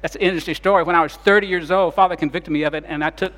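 A man preaching a sermon as pastor, retelling scenes dramatically and shifting between loud and soft delivery. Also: fairly high pitch, steady tone, racing, long reverb tail.

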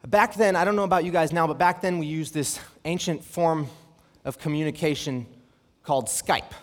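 A young man preaching a sermon, reading scripture and telling a personal story, with lively rhetorical questions. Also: fairly high pitch, moderate pace. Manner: animated, asks rhetorical questions, reads scripture aloud. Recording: long hall reverb.

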